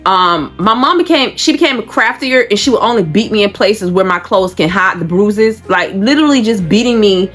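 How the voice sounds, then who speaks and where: A woman's voice: mid-range voice, lively intonation, moderate pace, hardly any pauses, a bit bright, faint music behind. A woman from Georgia, telling her own story on a vlog in a blunt, profane, rambling way. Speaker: vlogger. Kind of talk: candid personal storytelling.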